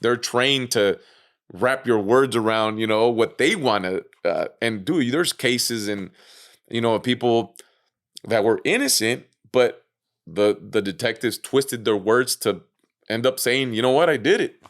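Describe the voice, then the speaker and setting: A man's voice: mid-range voice, unhurried. A man being interviewed on a podcast, casually retelling his own story with lots of fillers, swearing and acted-out quotes. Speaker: interview guest.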